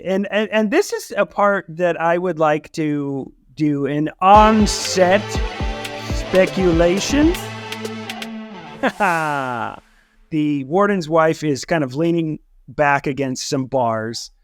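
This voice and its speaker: A man's voice: on the high side, slow, music in the background. A man co-hosting a podcast, chatting casually about a movie, laughing often and acting out quotes. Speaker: podcast co-host. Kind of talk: casual movie review chat.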